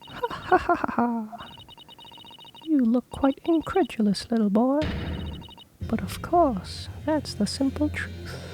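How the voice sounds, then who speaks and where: A woman's voice: high-pitched, animated, a little slow, dark tone, a little hiss or hum, voice pushed up, rough recording. A woman voicing a haughty, scornful English noblewoman in a fan voice-over of a video game, talking down to everyone with sneering condescension.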